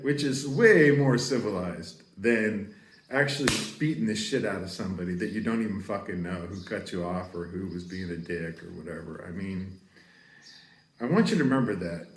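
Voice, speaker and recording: An American man giving a casual, profane French lesson, rambling with laughs and shouting out example curses. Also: fairly low pitch, roomy sound. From United States. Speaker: French teacher.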